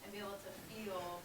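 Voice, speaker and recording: A woman's voice: medium pitch, background noise. A woman in the audience answering the speaker thoughtfully. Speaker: audience member. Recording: roomy distant crowd mic.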